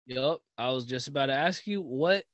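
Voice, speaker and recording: A man hosting a podcast who tells stories in casual chat, animated and profane, often laughing. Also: medium pitch, normal speed, dry recording, muffled recording. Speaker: podcast host.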